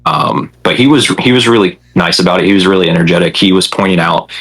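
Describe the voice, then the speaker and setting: A man's voice: deep voice, fast, a bit bright, slightly rough, low-quality recording. A young man, a podcast guest, chatting casually with a rambling, hesitant manner full of fillers. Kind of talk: casual chat.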